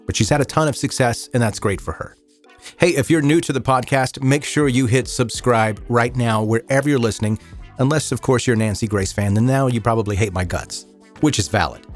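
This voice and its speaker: A man in the middle pitch range hosts a true crime podcast. He moves between measured, somber storytelling and relaxed chat with his listeners. A soft music bed sits behind his voice. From American South. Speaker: podcast host.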